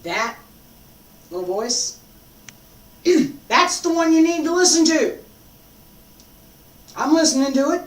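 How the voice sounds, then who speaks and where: An instructor speaks slowly and emphatically about determination, with a lively pitch that rises and falls. Phrases get repeated for force. The mic sits far back, so the voice sounds distant and roomy. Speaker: martial arts instructor. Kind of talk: unscripted teaching talk.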